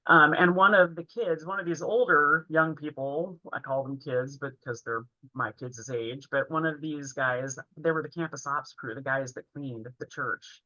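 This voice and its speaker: A woman's voice: sits low, normal speed, few pauses, pushed and bright, dry recording. A woman in her forties telling a heartfelt personal story in an earnest way while presenting a training session. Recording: dull, lo-fi, dry sound.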